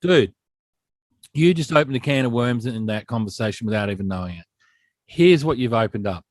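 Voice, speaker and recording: A man co-hosting a podcast, telling stories in blunt, animated casual chat. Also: mid-range voice, brisk, no echo, clean studio sound. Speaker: podcast co-host.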